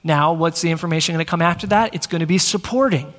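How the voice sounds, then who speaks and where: A man preaching a teaching sermon in a church, energetic and conversational, talking straight to the congregation. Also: a little high, fast talker. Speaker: pastor. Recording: long reverb of a large hall.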